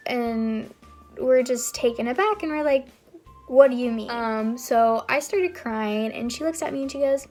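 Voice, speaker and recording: A woman's voice: a little high, a little slow, a little mellow, soft background music. A young woman vlogging, telling a personal story in a casual, rambling way with frequent fillers. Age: young adult. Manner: chatty, rambling with frequent ums and likes.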